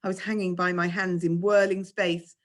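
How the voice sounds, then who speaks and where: A woman, a teacher, reading a children's novel aloud with expressive storytelling. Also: fairly low pitch, moderate pace.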